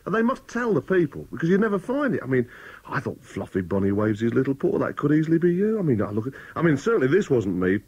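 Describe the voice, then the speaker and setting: Male radio regular: playful, excitable storyteller, husky voice, dry studio sound. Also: medium pitch, quick pace, dry recording, dull audio. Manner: teasing, animated storyteller. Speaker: weekly radio guest. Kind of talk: comic radio chat. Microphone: studio microphone.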